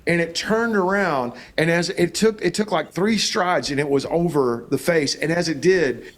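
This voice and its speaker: A man's voice: fairly high pitch, moderate pace. A middle-aged man, a pastor, telling a story in conversation with fervent, emphatic declarations.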